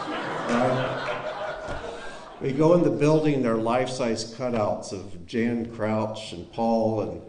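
A pastor telling a folksy story with chuckles, then leading a prayer. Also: male voice, mid-range voice, a little slow, a little mellow, a little hiss or hum.

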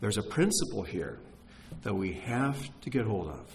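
A man preaching a sermon, telling stories with energy and dropping to a hush for emphasis. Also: fairly low pitch, moderate pace, slight background noise, rough recording. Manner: animated storyteller, drops to a hush for emphasis.

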